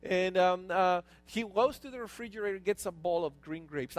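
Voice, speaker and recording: A man, a pastor, preaching a lively sermon with stories and call-outs to the congregation. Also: high-pitched, normal speed, few pauses, dry recording.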